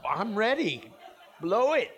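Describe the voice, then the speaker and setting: A man's voice: high-pitched, big pitch swings, slow, a faint crowd. A man hosting a podcast event, asking questions and joking around in a playful, casual way. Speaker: podcast host. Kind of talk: casual hosted chat.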